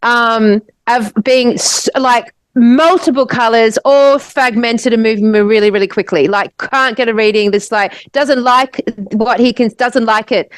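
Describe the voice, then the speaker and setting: An Australian woman co-hosting a podcast, telling a wild story in an animated, rambling way and swearing freely. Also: on the high side, a little slow, hardly any pauses, no echo, poor audio. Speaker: podcast co-host. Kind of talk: casual storytelling.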